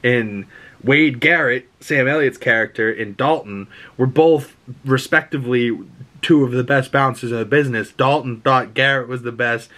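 A man talks straight to his viewers in a loose, unscripted movie review. His voice sits at an ordinary middle pitch. He rambles, swears freely, and leans on fillers as his excitement spills over. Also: normal speed. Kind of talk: casual vlog film review.

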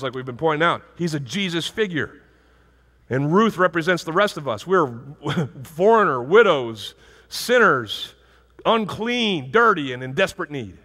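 A male pastor preaching a sermon in a church, animated and rising to loud emphasis. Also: medium pitch, long reverb tail. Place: church sanctuary.

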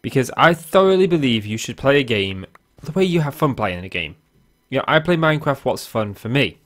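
A man's voice: medium pitch, big pitch swings, a little fast, fairly bright tone. A young man hosting a casual video game let's play, talking in a chatty, rambling way with fillers and asides. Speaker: Minecraft let's play host. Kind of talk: casual gameplay commentary. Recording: faint guitar music behind.

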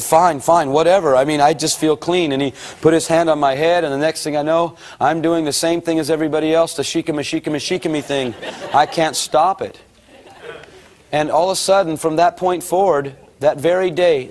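A middle-aged man gives a sermon testimony, telling his story with lively storytelling. His voice sits a little high for a man, and he acts out the lines of the people he quotes. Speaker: preacher.

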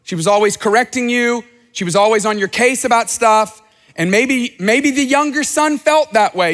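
Male pastor with a high voice, earnest conversational sermon, ringing church hall. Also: normal speed, a bit bright. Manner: earnest, conversational preaching with repeated phrases. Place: large church auditorium.

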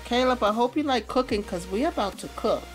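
A woman's voice: a little high, expressive, fairly quick, soft background music. A woman hosting a gameplay video, chatting playfully and casually with slangy asides. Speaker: let's play host.

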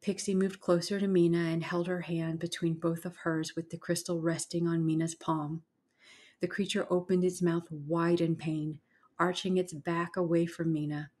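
A woman narrating a horror story in a hushed, dramatic way, slipping into whispers. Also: on the low side.

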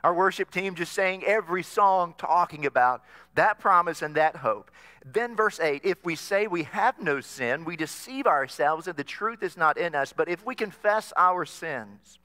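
A man's voice: high voice, animated, normal speed, pushed and bright. A man preaching a sermon as pastor, earnest and inviting the congregation to repeat phrases after him. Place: church sanctuary. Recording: long reverb of a church hall.

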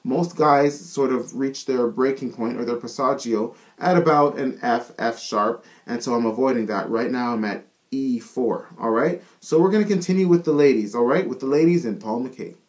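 A man teaching a singing lesson, explaining chest-voice warm-ups in an upbeat way and often checking in with "all right?". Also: mid-range voice, moderate pace, hardly any pauses.

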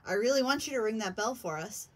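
Brief: female ghost hunter, husky voice, patient and coaxing, speaking in a house basement. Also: on the high side, animated. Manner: slow, patient, coaxing questions. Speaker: paranormal investigator. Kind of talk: questioning spirits in a ghost hunt.

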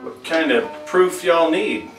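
An actor playing a wary small-town barber with a folksy drawl. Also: male voice, fairly high pitch, expressive, slow, over music. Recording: roomy, far-off film audio.

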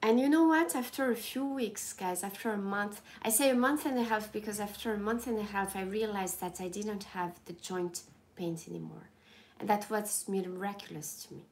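A young woman chatting casually to her viewers in a groggy morning voice, halting and restarting often. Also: medium pitch. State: sleepy morning voice. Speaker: lifestyle livestreamer.

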